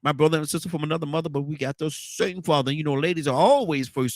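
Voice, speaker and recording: A man's voice: a little high, fast, no room sound, clean studio sound. A man hosting a casual morning talk show, rambling and repeating his words. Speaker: host.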